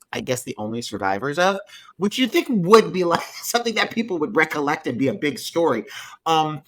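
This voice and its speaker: A man co-hosting a movie podcast, ranting through his gripes in casual, profane chat. His voice sits a bit high and swings all over the place, with a bright, forceful edge. The sound is close and dry. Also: dry recording. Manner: animated, swears freely, ranting gripes. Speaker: podcast co-host. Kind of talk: casual film review chat.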